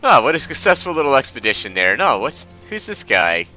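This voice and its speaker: A man's voice: mid-range voice, sing-song, brisk, sharp tone, faint music behind. A man casually commenting on his video game playthrough, making wry, chatty asides. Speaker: let's play host.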